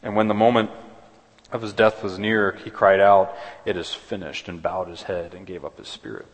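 Man, pastor, earnest sermon, lower voice, long church reverb. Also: flat delivery, normal speed. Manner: earnest, with many restarts and repeated words. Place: church sanctuary.

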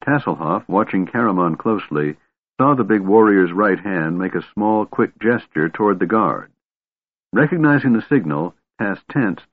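Husky low-voiced male fantasy narrator. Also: no room sound. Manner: measured, steady storytelling. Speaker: audiobook narrator. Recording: tinny narrow-band recording.

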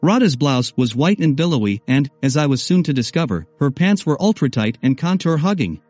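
A man reads a first-person story with a wry, conversational delivery and a voice on the higher side. The sound is dry and close, with soft music under him. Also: very animated, fairly quick, no room sound. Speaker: narrator. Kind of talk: first-person audiobook narration.

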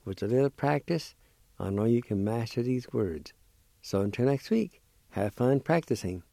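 A man patiently teaching words syllable by syllable on a radio lesson, repeating each sound slowly. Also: mid-range voice, lively intonation, vocal fry, warm tone, no echo. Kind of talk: slow spelling and pronunciation lesson.

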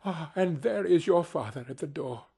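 A man reading aloud and voicing a grieving mother, keeping a steady, cheerful tone that wavers, in a raised, husky voice. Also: a little high, moderate pace, voice pushed up, heavily acted. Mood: tender.

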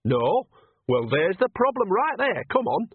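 A man voicing a brash, cheeky old witch woman who shouts bluntly, on a tinny phone-like recording. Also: high-pitched, big pitch swings, measured pace, breathy edge, no room sound, voice pushed up, heavily acted. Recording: tinny phone-like dry audio.

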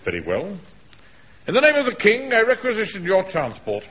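An actor playing a pompous, self-important middle-aged captain in a radio sitcom, with a blustering, commanding manner. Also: male voice, mid-range voice, big pitch swings, normal speed, fairly bright tone. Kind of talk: 1970s radio sitcom acting. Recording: dull old radio recording with faint hiss.

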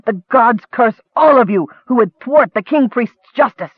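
A man voicing a fanatical human centurion who shouts curses, heard through a thin, phone-like recording. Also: very high-pitched, expressive, measured pace, slightly rough, no echo, pitched above the performer's own voice, exaggerated voice. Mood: cursing. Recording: thin phone-like dry audio.

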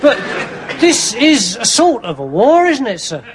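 An actor playing a dim, lowly British private soldier, slow-witted and earnest, in a sitcom. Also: male voice, wildly swooping pitch, a crowd in the background, heavily acted. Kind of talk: sitcom acting before a studio audience. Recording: hissy TV sitcom audio with loud audience laughter.

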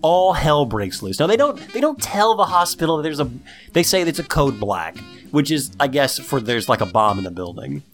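A man with a lively, bouncing voice runs through a TV episode in casual podcast chat. He acts out the characters as he goes and pitches his voice way up for them. Faint music plays under him. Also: normal speed. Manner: animated storytelling, acts out characters in high voices. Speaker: podcast host recapping a TV episode.

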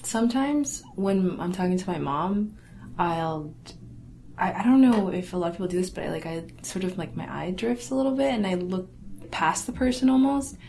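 A young woman telling a personal family story in a casual, halting way, full of "like" and "you know.". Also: on the low side, lively intonation, gravelly, mellow. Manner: casual, halting, lots of fillers and restarts; laughs wryly through awkward memories. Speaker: interviewee.

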